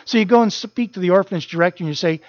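A man's voice: sits high, very fast, no room sound, dull audio. A man preaching a sermon as a pastor, earnest, repeating key phrases for emphasis.

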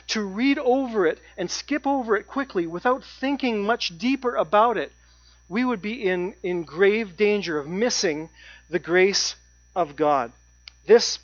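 A preacher giving a sermon, stressing key points by repeating phrases and slowing down on them. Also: medium pitch, a bit bright, no room sound. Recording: dry, dull lo-fi sound.

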